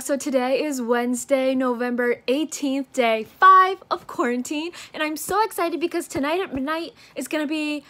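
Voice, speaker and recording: A woman's voice: high voice, normal speed, hardly any pauses, bright, forceful tone. A young woman student recording a casual daily video diary, chatty and self-deprecating, often laughing at herself. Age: young adult. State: isolating with coronavirus, no symptoms. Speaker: student vlogger.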